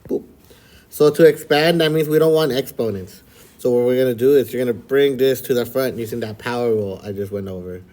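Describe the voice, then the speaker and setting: A man's voice: mid-range voice, a little fast. Man, math teacher for a video lesson, easygoing and chatty, keeps checking in with the class. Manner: relaxed and chatty, checks in with frequent "all right?" and "okay?". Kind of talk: casual recorded lesson for students.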